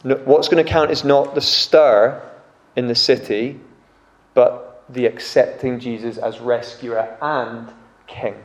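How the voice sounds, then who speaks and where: A man preaching a sermon, animated and acting out crowd voices. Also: mid-range voice, takes it slowly, highs cut off. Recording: echoey room.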